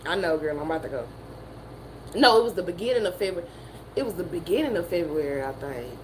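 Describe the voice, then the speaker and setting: A woman with a Southern American accent, telling a story in a profane, animated way and laughing often. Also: lowish voice, fast talker, a little hiss or hum, poor audio. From Southern United States. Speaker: motivational streamer. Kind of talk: casual storytelling chat.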